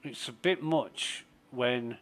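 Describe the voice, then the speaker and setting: A man's voice: medium pitch, slow, a bit bright. Profane, rambling man streaming a game. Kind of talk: casual live-stream commentary.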